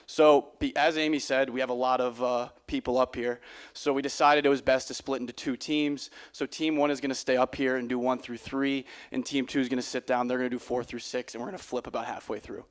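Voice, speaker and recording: A man's voice: medium pitch, level tone, fairly quick, clear, resonant tone. A young man, a college student, explaining an agenda in a plain presentation to an audience. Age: young adult.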